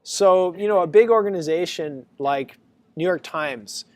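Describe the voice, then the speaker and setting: A man giving a casual university lecture, talking to students in a chatty, animated storytelling way. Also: sits high, unhurried, dry recording.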